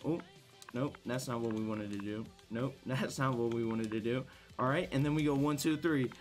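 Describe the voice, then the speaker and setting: Faint music sits behind this young adult livestreamer, whose mid-range voice moves at a normal speed. Hosting viewer tournaments, he chats casually and with hype, greeting people in chat by name, repeating phrases and apologizing often.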